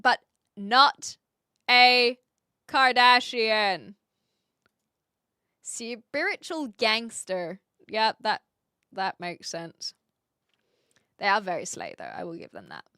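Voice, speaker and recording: A woman's voice: fairly high pitch, sing-song, slow, pauses often, pushed and bright, smooth, no echo, studio quality. A young woman livestreaming, chatting casually and rambling with lots of fillers while reacting to her chat. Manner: reads chat and reacts aloud.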